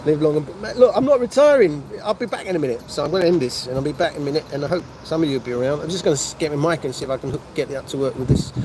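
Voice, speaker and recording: Older bloke chatting away on his phone stream at a services cafe, a bit high-pitched. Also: rapid-fire, few pauses, noisy background. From North London. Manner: chatty, meandering, restarts mid-sentence. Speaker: livestreamer. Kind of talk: rambling casual livestream chat. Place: motorway service station cafe.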